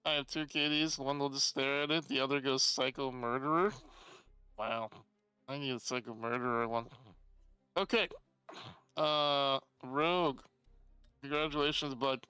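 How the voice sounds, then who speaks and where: A man's voice: mid-range voice, fairly even intonation, measured pace, pauses often, sharp tone, smooth, no room sound, soft background music, rough recording. A man chatting casually with his live-stream chat, reading out messages and telling stories with a lot of swearing, from his home streaming room.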